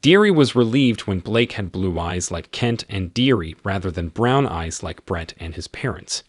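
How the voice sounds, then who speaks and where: A man reading a scripted romance story as narrator, in an even, measured way. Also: sits low, no room sound, clean studio sound.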